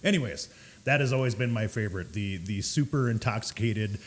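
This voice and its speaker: A man's voice: on the low side, brisk, a little hiss or hum. A man in his forties, a cigar bar bartender, co-hosting a casual chat, telling blunt stories about customers and swearing freely. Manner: blunt storytelling with swearing, mimics rude customers. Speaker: cigar bar staff and podcast co-host.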